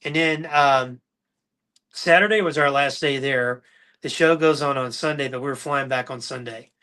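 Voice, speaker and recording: A man hosting a podcast, telling animated stories in a casual livestream chat and acting out the quotes. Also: mid-range voice, moderate pace, clear, resonant tone. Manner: animated anecdotal storyteller, acts out quotes. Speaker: podcast host.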